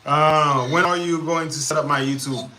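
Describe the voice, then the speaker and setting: A man's voice: a little high, fairly even intonation, moderate pace, sharp tone, slight background noise. A man hosting a live chat stream, venting about his frustrations and stumbling through many restarts. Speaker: livestream host. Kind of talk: casual live-chat talk.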